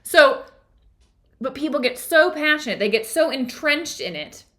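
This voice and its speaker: A woman's voice: high-pitched, lively intonation, measured pace, a bit bright. A woman hosting a book club discussion in a conversational way, reading passages aloud and often checking in with her listeners.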